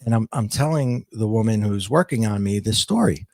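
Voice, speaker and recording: Gravelly middle-aged man telling his story. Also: fairly low pitch, lively intonation, darkish tone, no room sound. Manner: halting, with frequent restarts and repeated words. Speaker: podcast guest. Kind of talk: reflective personal storytelling.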